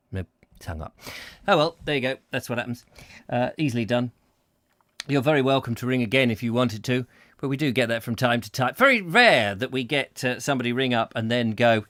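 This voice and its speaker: A man's voice: on the high side, lively intonation, brisk, fairly bright tone, no echo. A man hosting a live comic chat show, rambling through jokes, asides and thank-yous. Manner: rambling, jokey, chatty asides. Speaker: host.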